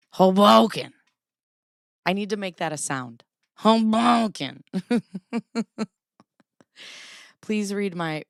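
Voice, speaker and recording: Rambling low-voiced woman livestreamer. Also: clean tone, no room sound, clean studio sound. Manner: rambling and playful, reacting to chat messages. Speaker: livestream host. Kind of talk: casual livestream chat.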